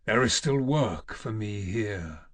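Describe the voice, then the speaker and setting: A man's voice: on the low side, animated, slow pace, no echo, voice pushed down. A man doing a grim, vengeful older warrior. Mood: soft. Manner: defiant, intense. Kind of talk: audiobook character voice.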